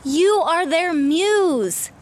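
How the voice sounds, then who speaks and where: A woman coaching her viewers in a motivational vlog, talking casually and emphatically and cursing freely when excited, while walking outdoors through her neighborhood. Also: extremely high pitch, very slow. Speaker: business coach.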